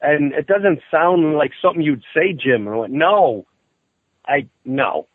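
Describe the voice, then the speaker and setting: Brief: lively storytelling male guest, a touch high-voiced, call-in audio with a thin, dry phone sound. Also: a little fast, no room sound. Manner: excitable, acts out quotes in shrill outbursts. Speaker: guest calling in. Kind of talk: animated storytelling. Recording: tinny dry phone line.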